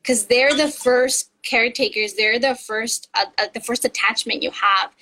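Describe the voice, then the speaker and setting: Woman, earnest podcast co-host, husky, higher pitch. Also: normal speed, bright, forceful tone, poor audio. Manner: earnest, encouraging, laughs often. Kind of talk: casual faith conversation.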